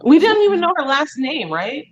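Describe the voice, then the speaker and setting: A woman guest on a podcast, joining in casual chat, quick to agree and laugh. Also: high voice, big pitch swings, highs cut off.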